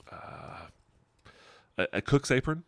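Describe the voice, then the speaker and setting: A man's voice: medium pitch, sing-song, takes it slowly, fairly bright tone, dry recording. Man, middle-aged, game master, rambling descriptions, chuckles, dry close sound. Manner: rambling, digressive scene description with frequent chuckles. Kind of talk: narrating a tabletop game.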